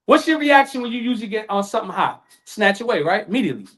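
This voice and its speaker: A man's voice: sits high, sing-song, fast, fairly bright tone. A man giving a sermon at a community event, in casual street talk, dramatic and acting out voices. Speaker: lecturer.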